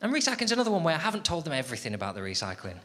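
Stand-up comedian, lively swooping delivery. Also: male voice, a little high, racing, a little hiss or hum. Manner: exaggerated sing-song patronizing voice for his housemates. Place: comedy venue with a laughing audience. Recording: live comedy club recording with loud audience laughter. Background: loud audience laughter.

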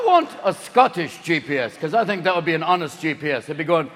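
A man's voice: a little high, expressive, quick pace, few pauses, long reverb tail, background noise. A man doing a stand-up comedy set, manic and profane, jumping into voices. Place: comedy stage before a live audience. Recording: live show with faint crowd.

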